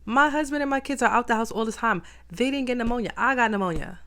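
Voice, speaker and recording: A woman's voice: on the high side, fast talker, fairly bright tone. A woman talking in a reflective personal vlog, emphatic and repeating phrases for stress. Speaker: vlogger.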